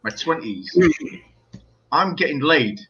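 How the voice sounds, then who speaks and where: A man's voice: on the high side, lively intonation, slow, bright, forceful tone, highs cut off, slight background noise. A man with an English accent in casual chat, chatty and laughing as he talks, with dry remarks.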